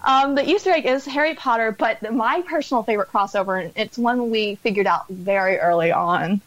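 A woman's voice: fairly high pitch, no room sound, poor audio. A woman author being interviewed on a podcast, chatting casually and laughing at herself. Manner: chatty, self-deprecating, laughs often. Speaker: author guest.

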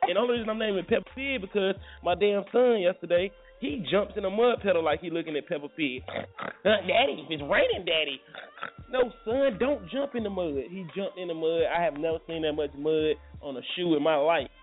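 A high-sitting man's voice, fast and with few pauses, belongs to a morning show host. He rambles and jokes through a casual radio chat, restarting often, on tinny phone-like audio with faint music.

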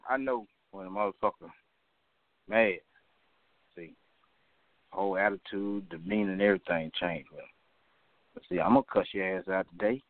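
A man's voice: on the low side, dry recording. A man hosting an open phone line, ranting and cursing at callers in a combative, repetitive way. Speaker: phone-line talk show host.

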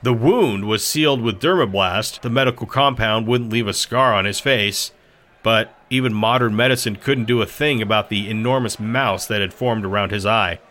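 A man reading a novel aloud as narrator, in a measured storytelling manner. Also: lowish voice, pushed and bright. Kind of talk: audiobook narration.

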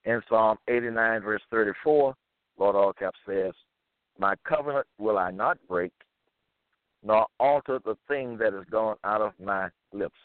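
A man's voice: lowish voice, no echo. Male speaker, plodding scripture reading with commentary, thin lo-fi line. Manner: slow, deliberate and repetitive. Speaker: monologue speaker. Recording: tinny phone-like line, dry.

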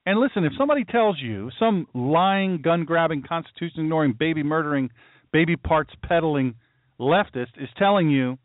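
Fired-up talk radio host, tinny line. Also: male voice, fairly high pitch, expressive, moderate pace, dry recording. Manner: heated, repetitive, rhetorical questioning. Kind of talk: political commentary monologue.

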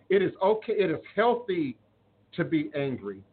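A man's voice: high-pitched, very animated, fairly quick. Earnest preachy man on a tinny line. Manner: earnest, preachy, repeats phrases for emphasis. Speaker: spiritual live-stream host. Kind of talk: live-stream talk, reading viewer comments. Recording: phone-like audio with faint noise.

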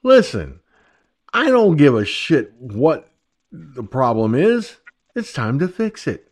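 A man's voice: mid-range voice, sing-song, slow pace. Older man hosting crude, rambling talk radio. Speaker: radio talk show host. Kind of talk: casual call-in chat.

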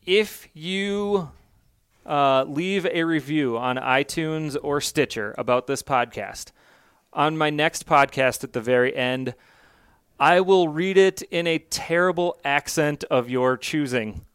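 Male podcast host, smooth and clear, dry close studio sound, loose rambling delivery. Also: on the high side, takes it slowly, dry recording. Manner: relaxed, rambling, many fillers. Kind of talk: casual podcast chat.

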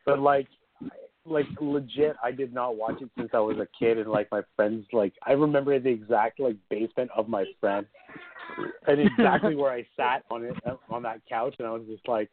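Animated male caller on a tinny line. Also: mid-range voice, normal speed, crowd noise. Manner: animated storyteller, acts out quotes. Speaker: guest caller. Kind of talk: casual chat. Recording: tinny phone line with voices behind.

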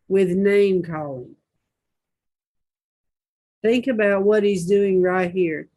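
A woman's voice: medium pitch, slow pace, pauses often, warm tone. A woman hosting a Christian talk show, reading posts aloud and commenting with indignant rhetorical questions.

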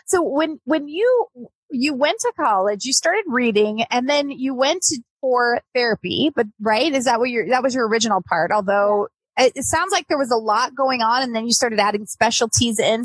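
Woman, live-stream host, rambling chatty delivery, higher voice, dry sound. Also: expressive, brisk, no room sound, rough recording. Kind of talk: casual live-stream interview.

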